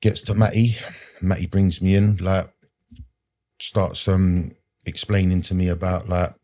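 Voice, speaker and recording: A man's voice: sits low, level tone, unhurried, dark tone. A man, a podcast guest telling his personal story in an earnest, rambling way with street slang and lots of fillers.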